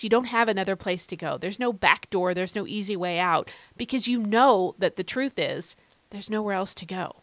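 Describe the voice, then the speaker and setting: A woman's voice: medium pitch, normal speed, a bit bright, no echo. A woman hosting a devotional podcast who teaches emphatically, repeats key phrases for stress and speaks straight to the listener in an encouraging way. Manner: talks directly to the listener in a friendly, encouraging way.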